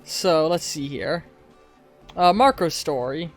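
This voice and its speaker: A male streamer rambles casually through his game, talking to chat with loose, informal asides and the odd curse. His voice is a little higher than most men's, with faint music underneath. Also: lively intonation, takes it slowly.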